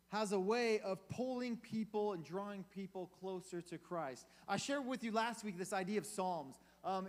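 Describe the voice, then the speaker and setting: A man giving a casual, conversational sermon as a youth pastor, asking his audience questions. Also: high-pitched. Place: church hall. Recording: long reverb of a church hall.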